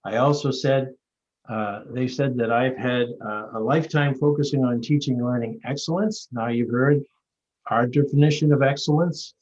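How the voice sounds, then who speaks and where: This award recipient, a septuagenarian from Maine, guides a reflective discussion on a video call, telling rambling stories and frequently restarting his thoughts. He speaks at normal speed with a medium-pitched, somewhat dark voice, and the audio is dull.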